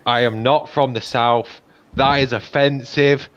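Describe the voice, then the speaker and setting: A man's voice: medium pitch, fairly even intonation, measured pace, fairly bright tone, no room sound, muffled recording. A man with a Sheffield English accent chatting playfully and teasingly on a livestream. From England. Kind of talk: casual livestream chat.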